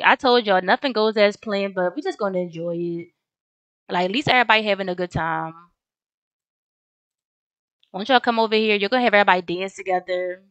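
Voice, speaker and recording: A woman's voice: mid-range voice, a bit bright, dry recording, lo-fi sound. Chatty young woman narrating her gameplay. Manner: chatty, slangy, addresses viewers as y'all. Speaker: gaming video host. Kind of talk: casual gameplay commentary.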